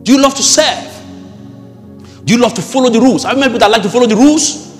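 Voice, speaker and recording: A man preaching a sermon as pastor, animated and rising at times to shouts. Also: extremely high pitch, very fast, in a large hall, faint music behind.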